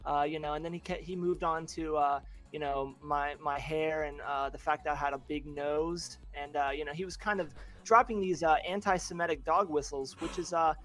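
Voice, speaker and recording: A man's voice: a little high, steady tone, normal speed, hardly any pauses, fairly bright tone. A young man talking as a guest on a casual online chat, hesitant and full of fillers. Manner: hesitant, many fillers and restarts, laughs easily. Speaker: guest, content creator.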